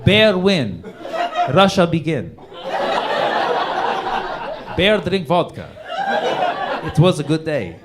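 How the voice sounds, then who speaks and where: A man's voice: on the high side, big pitch swings, slow pace, long pauses. A man voicing a boastful male head of state who tells a grand myth in choppy, broken English, recorded live with audience noise. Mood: grandiose.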